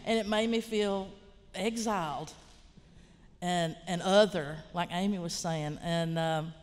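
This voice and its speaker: A woman's voice: fairly low pitch, slow pace, a little hiss or hum. Southern Appalachian woman in her fifties, plainspoken rambling panelist, slight reverb from a large hall. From Appalachia, western North Carolina. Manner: frank, rambling, plainspoken, with mild swearing. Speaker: writer and college teacher on a panel. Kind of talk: casual panel storytelling.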